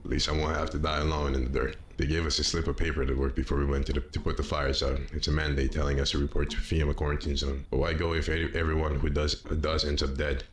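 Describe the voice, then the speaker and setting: A man voicing a tired, burned firefighter who speaks in a subdued, halting way. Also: rumbling low, flat delivery, a little hiss or hum, voice pushed down. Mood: weary. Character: weary burned firefighter man, sole survivor.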